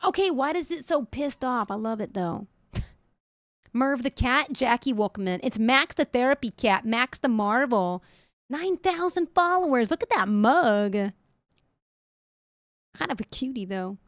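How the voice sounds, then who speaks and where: Young woman streamer, jokey chatty, kinda high voice, dry close sound. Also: animated, a little slow, dry recording. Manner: chatty, jokey, laughs often, talks to chat. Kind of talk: casual chat reacting to news clips.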